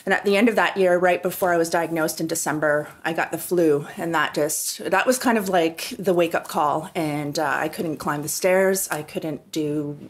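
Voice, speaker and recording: A woman's voice: low-pitched, normal speed, few pauses. A Canadian woman in her forties telling her own story as a podcast guest, candid and conversational. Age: 40s. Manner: candid, conversational, many restarts. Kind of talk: personal story in an interview.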